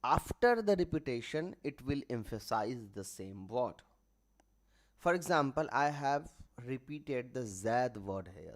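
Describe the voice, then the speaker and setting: Slow, patient male grammar teacher. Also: medium pitch. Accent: South Asian English. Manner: slow, explanatory, repeats terms for emphasis. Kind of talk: online grammar lecture.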